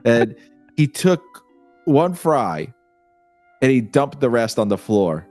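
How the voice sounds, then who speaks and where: A man's voice: mid-range voice, big pitch swings, slow, a little mellow, no room sound, faint music behind. A man guesting on a podcast, telling stories in a rambling, casual way. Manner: rambling anecdotal storyteller. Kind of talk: casual chat.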